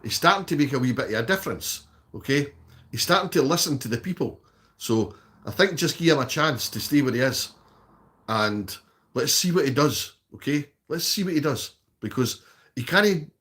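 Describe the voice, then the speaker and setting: A man's voice: fairly high pitch, lively intonation, normal speed, fairly bright tone. A man with a Scottish accent chatting casually on a live stream, reading out and answering viewers' comments in a blunt, sweary way and often tagging "okay?" onto his sentences.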